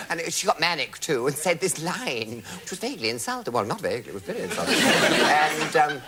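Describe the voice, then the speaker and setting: A man's voice: on the high side, big pitch swings, a little fast, background noise. A man telling comic anecdotes to a live audience on a television studio stage, camp and theatrical with mock outrage. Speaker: comic raconteur.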